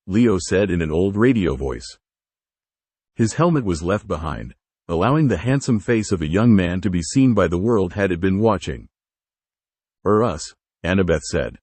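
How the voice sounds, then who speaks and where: Man, story reader, lively up-and-down delivery, deep voice. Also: normal speed, husky, no echo. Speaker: fanfiction reader. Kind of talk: narrated reading of fan fiction.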